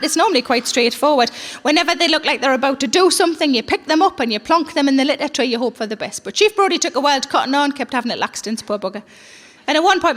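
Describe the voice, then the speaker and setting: High-voiced woman doing stand-up. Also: long reverb tail. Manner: blunt, swearing, animated storytelling. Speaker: stand-up comedian. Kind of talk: stand-up comedy set. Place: theater stage with live audience.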